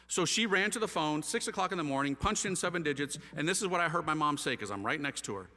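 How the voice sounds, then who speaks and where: A middle-aged man tells his story with lively, self-mocking energy, slipping in and out of other people's voices. His voice is bright and sits fairly high, with wide swings of pitch. It carries a long reverb, as from a large hall. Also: fast talker, hardly any pauses. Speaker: speaker telling his conversion story. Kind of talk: animated storytelling talk.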